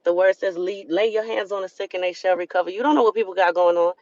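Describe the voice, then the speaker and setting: A woman's voice: mid-range voice, fast, darkish tone, dry recording. A woman with a Southern US accent, hosting a live stream and giving an earnest, preachy motivational talk that repeats phrases for emphasis. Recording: dull lo-fi sound.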